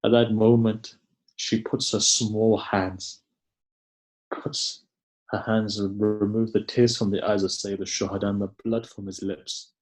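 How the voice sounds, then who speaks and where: A man giving a mournful sermon, recounting a tragedy in slow, grieving storytelling with dramatic pauses, sometimes dropping almost to a hush. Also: on the low side, level tone. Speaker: preacher. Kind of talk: mournful majlis sermon narration.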